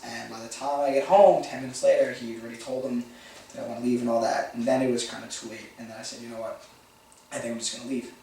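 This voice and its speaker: Quick-talking man, reflective and halting; far mic, heavy room echo. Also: mid-range voice, fairly even intonation, gravelly, warm tone, slight background noise. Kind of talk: candid recollection.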